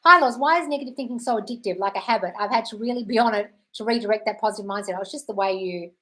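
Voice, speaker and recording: Fast-talking Australian woman hosting a live Q&A. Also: mid-range voice, a bit bright. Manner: chatty, swears freely, calls viewers darling; reads viewer comments aloud and answers them. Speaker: host answering viewer questions. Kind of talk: casual live-stream Q&A.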